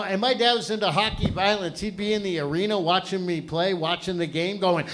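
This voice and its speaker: A man's voice: high-pitched, fairly quick, hardly any pauses, a bit bright, a faint crowd. A man in his fifties from Canada hosting an open mic, ranting through a profane stand-up set on a comedy club stage. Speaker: stand-up host.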